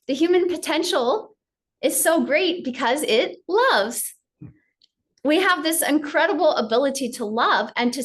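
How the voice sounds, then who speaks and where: A woman teacher giving a gentle, story-filled spiritual talk on yoga. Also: sits high.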